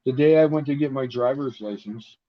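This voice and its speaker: A Canadian man from Ontario telling stories in a casual chat, animated, acting out the voices of people in his stories. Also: medium pitch, brisk. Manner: animated storyteller, acts out dialogue. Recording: muffled lo-fi audio with faint noise.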